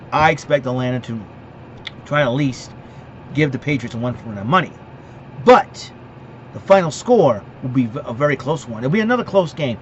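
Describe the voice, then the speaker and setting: New guy ranting hard at rival fans, keeps repeating himself, muffled lo-fi audio. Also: fairly high pitch. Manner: fired-up, combative, repeats himself, speaks straight to rival fans. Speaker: sports podcast host. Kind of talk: opinionated solo sports rant. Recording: dull lo-fi recording with faint hum.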